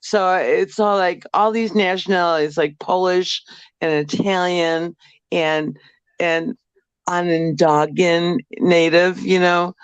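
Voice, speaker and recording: Slow-talking New woman, smooth voice. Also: lowish voice, fairly even intonation, dry recording, lo-fi sound. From New York. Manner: chatty, reads out viewer comments. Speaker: livestream co-host. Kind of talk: casual chat.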